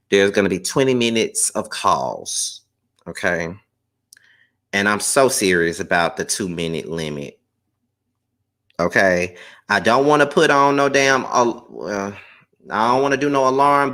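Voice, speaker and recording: A man's voice: lowish voice, bright, forceful tone. A tired man hosting a live stream in casual chat, firm about the rules as he takes calls.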